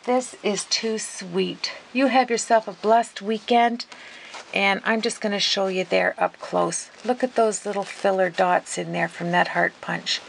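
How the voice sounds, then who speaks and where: A woman hosting a casual craft video, gushing and excitable as she talks viewers through her work. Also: medium pitch, measured pace, creaky, slight background noise, rough recording. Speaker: craft vlogger.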